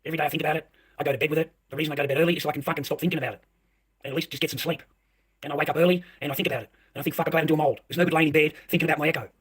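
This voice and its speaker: A man's voice: a little high, steady tone, rapid-fire, a bit bright, husky. A man ranting straight to camera in an agitated, heated way, swearing and speaking to the viewer. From Australia. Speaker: vlogger. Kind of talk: direct-to-camera rant.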